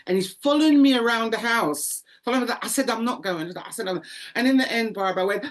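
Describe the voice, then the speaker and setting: A woman's voice: a little high, fast talker. A woman guest sharing an emotional faith testimony in an interview, telling her story with lots of repetition and acting out the voices in it. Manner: animated storyteller, acts out voices, frequent repetitions.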